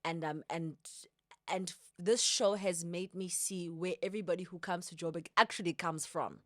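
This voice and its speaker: A South African woman chatting casually as a guest, animated and emphatic, repeating her phrases for effect. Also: lowish voice, moderate pace, dry recording, studio quality. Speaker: guest, TV presenter. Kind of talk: casual chat.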